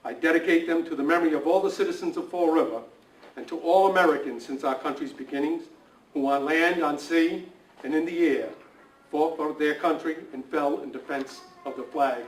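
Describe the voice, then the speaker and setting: Civic club member delivering a formal dedication address; reverberant, far-off recording. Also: male voice, fairly high pitch, brisk. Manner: formal, reading out a prepared address. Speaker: civic club representative presenting flags. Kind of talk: formal prepared speech. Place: indoor building dedication event. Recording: echoey, distant recording with faint ambience.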